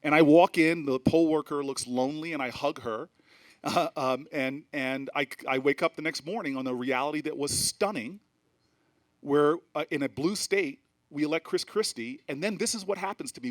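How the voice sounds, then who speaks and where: A man's voice: on the high side, moderate pace. Emphatic middle-aged man addressing an audience. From New Jersey. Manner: emphatic, rhetorical, frequent restarts and fillers. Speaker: politician speaking to a festival audience. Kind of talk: animated speech with storytelling. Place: event stage before a live audience.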